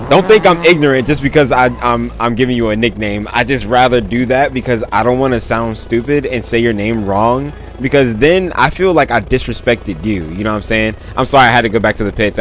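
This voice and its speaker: A man live-streaming a driving game, chatting in a hyped, slangy way and thanking viewers often. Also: mid-range voice. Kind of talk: casual live-stream commentary.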